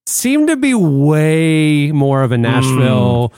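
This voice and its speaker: A man co-hosting a podcast in casual chat, measured and deadpan. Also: fairly high pitch, no echo, studio quality. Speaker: podcast co-host.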